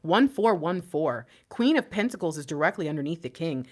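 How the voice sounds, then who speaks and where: A woman giving an emotional tarot reading to her viewers, swinging between hushed whispers and loud impassioned pleading, shaking and near tears. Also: sits low, very animated, fairly quick, few pauses. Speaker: intuitive tarot reader.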